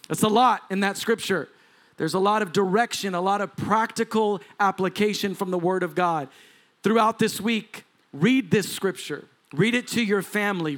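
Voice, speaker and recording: A man's voice: sits high, fairly bright tone. A man, a lead pastor preaching a sermon to a congregation in a church, with rising intensity and asides to the crowd. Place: church sanctuary before a congregation.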